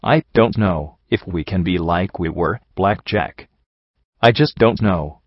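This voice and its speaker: A man voicing a tearful young female pegasus pony, speaking in a low voice with emotional, pleading delivery. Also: slow, no echo, lo-fi sound. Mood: hurt, pleading.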